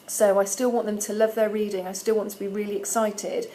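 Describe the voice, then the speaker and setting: Woman teacher gently sounding out letters. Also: medium pitch, little pitch movement, slight background noise, rough recording. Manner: patient, sounds out letters slowly and clearly. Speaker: primary school teacher. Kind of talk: friendly instructional video for parents.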